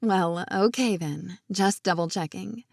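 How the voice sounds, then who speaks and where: A woman's voice: lowish voice, measured pace, creaky, no echo, clean studio sound. Woman voicing a quirky, teasing young woman in love.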